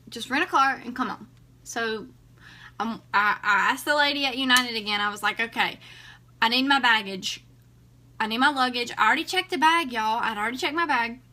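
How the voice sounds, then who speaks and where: A woman, a vlogger telling a story casually to her viewers and acting out the dialogue. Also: fairly high pitch. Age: 20s. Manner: chatty, animated, acts out dialogue.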